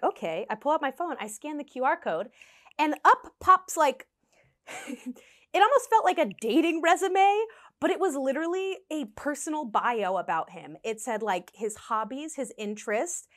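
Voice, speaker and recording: A young woman vlogger telling a funny dating story in a casual storytime, animated and often laughing as she acts out what people said. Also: high voice.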